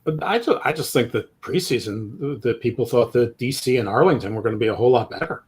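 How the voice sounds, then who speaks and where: A man's voice: medium pitch, animated, fast talker, breathy edge. A man co-hosting a casual sports podcast. He rambles through his points, pokes fun at himself along the way, and keeps an easy conversational flow in a mid-range voice. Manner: rambling, self-deprecating humor. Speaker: podcast co-host.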